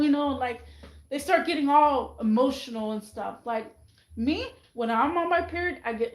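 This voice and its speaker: A woman vlogging in a casual, rambling monologue, chatty and animated, often mimicking other people's voices. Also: on the high side, moderate pace, reverberant, low-quality recording.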